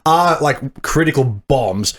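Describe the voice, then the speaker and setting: A man with an Australian accent, co-hosting a casual pop culture podcast, measured and wry. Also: medium pitch, animated, fairly bright tone. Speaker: podcast co-host. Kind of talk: casual chat.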